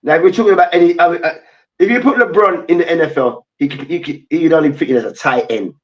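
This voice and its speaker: A man's voice: on the high side, fast, distant mic, highs cut off. A man co-hosting a casual sports chat, swearing and slangy, acting out quotes. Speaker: podcast co-host.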